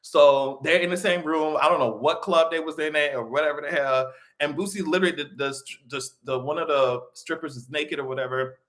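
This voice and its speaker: Brisk and medium-pitched, this live-stream commentator keeps things casual and animated. Profanity flows freely, and laughter comes often.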